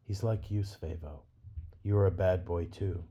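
A man reading the lines of a quiet, patient wife and mother in a novel. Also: low-pitched, a little slow, slightly rough. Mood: reproachful. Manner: quiet, calm, gently reproachful. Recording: dull lo-fi recording.

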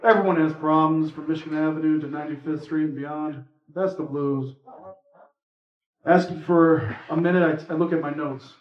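A man's voice: on the high side, normal speed. Man reading a story aloud at a live event. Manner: relaxed, conversational, a few fillers between parts. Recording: echoey room, from far off, muffled.

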